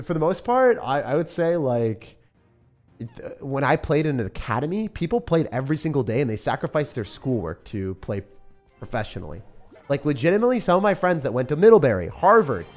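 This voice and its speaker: A man's voice: medium pitch, a little mellow. A young man chatting casually on a livestream, commenting on his game and answering questions from chat in a self-deprecating way. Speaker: streamer.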